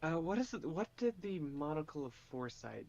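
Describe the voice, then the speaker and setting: A man's voice: fairly high pitch, big pitch swings, fairly quick, gravelly, darkish tone, muffled recording. A man playing a tabletop game over voice chat, saying in short plain lines what his character does. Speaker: player.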